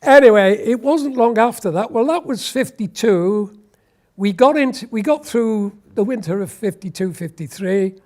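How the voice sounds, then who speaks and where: A man's voice: high-pitched, lively intonation, moderate pace, darkish tone. A man, telling a wry, anecdotal war story in an oral history interview. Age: 80s.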